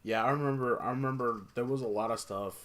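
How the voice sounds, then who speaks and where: A man in his thirties co-hosting a podcast in a relaxed way with casual swearing, his voice going hoarse. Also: mid-range voice, fast. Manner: laid-back, swears casually. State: losing his voice. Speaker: podcast co-host. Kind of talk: casual chat.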